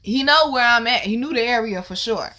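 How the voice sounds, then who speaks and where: Woman vlog host with a bright, forceful voice, spinning a story in slangy, cuss-laden casual talk. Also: fairly high pitch, brisk. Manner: animated, profane, slangy retelling.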